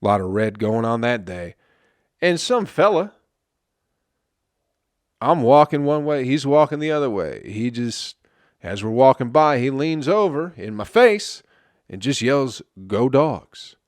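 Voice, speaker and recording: A male comedian hosting a solo podcast, ranting in an exasperated, profane way with sudden loud outbursts. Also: medium pitch, very animated, measured pace, pauses often, no echo, studio quality. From Flint, Michigan.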